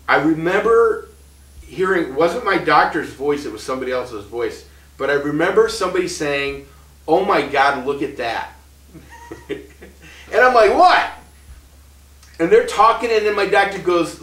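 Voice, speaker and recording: Guy in his 30s rambling through a story, kinda high voice, sits back from the mic in an echoey room. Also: a bit bright, far from the mic. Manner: rambling, with many restarts and laughs. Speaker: vlogger telling his own story. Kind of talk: casual storytelling.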